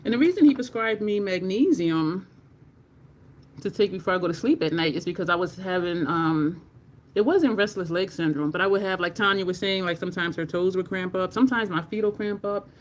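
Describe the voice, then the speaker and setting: A woman's voice: on the low side, a little fast. Woman on a makeup livestream, teary and chatty, cusses casually, faint hum behind. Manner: candid and chatty, swears casually, reads out chat names. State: teary, near crying.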